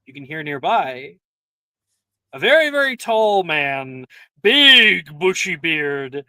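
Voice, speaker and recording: Slow, hesitant game master narrating. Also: mid-range voice, lively intonation, pushed and bright, clear, resonant tone, no room sound. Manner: hesitant, many fillers.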